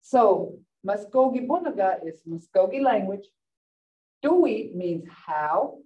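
A woman teaching a language class. She speaks slowly, and her pitch swings widely as she repeats each word for her learners. The sound is dull and lo-fi, picked up from a distant mic in a classroom. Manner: lively, laughs often, repeats words slowly for learners. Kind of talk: teaching a vocabulary lesson.

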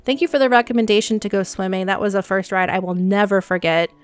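A young woman hosting a gaming channel, chatting casually and excitedly through her gameplay and talking to her animals. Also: medium pitch, fast talker, clear, resonant tone. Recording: dry close mic with faint music.

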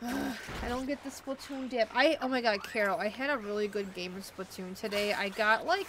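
A woman streamer rambles casually while playing a video game, chatty and thinking aloud. Her slightly high voice is a bit bright, with slight background noise.

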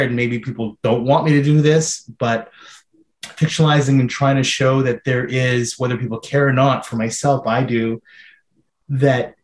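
A filmmaker answering questions in a Q&A interview, thoughtful and searching, with many fillers and restarts, heard over a video call. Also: male voice, medium pitch, darkish tone, roomy sound, rough recording. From Canada.

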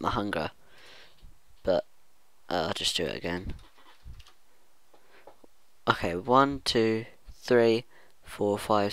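A man with a lowish voice gives unhurried let's-play commentary, rambling and thinking out loud as he goes. His words come slowly, and the sound is dry and close with no room around it. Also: dry recording. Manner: rambling self-talk, hums and muses aloud. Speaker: gaming channel host.

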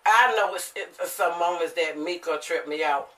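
A mother chats to her viewers in a casual, storytelling way, with a bright tone. She acts out the quotes with emotion and swings from hushed to lively. Her voice sits a little back from the microphone. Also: fairly low pitch, moderate pace, distant mic, poor audio. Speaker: mother and family vlogger.

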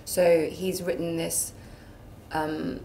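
A woman with a slightly low voice, lively and quick-witted, laughing often as an actress guest. She is recorded in an echoey room with faint background noise. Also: creaky. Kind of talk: live promotional interview. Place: office event space.

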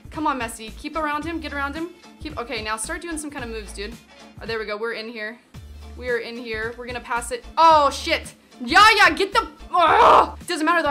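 A woman giving live, excitable commentary on her own football video game match as a gaming video host, shouting at the players on screen. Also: sits high.

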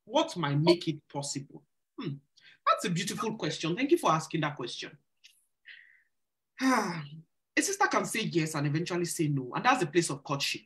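A woman with a fairly low voice hosts a live church Q&A for singles. She gives marriage advice in an earnest, preacherly way and repeats phrases to drive each point home. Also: sing-song, moderate pace, long pauses, fairly bright tone. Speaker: church singles ministry host. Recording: live stream.

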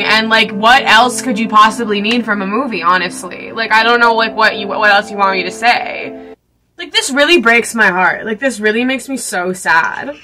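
A young woman reacting to a movie in casual commentary, gushing and excitable, often laughing and swearing. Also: on the high side.

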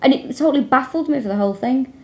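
A woman co-hosting a comedy podcast in casual chat, a playful, animated storyteller. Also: sits high, fast.

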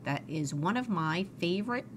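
A woman's voice: fairly low pitch, expressive, normal speed, slight background noise. A woman reading a children's book aloud expressively and talking to young listeners. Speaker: storybook reader.

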